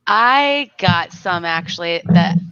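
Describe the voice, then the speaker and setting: A woman's voice: on the low side, expressive, slow, a bit bright, smooth, no room sound, dull audio. A woman from South Florida hosting a casual livestream and greeting her viewers by name. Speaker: livestream host.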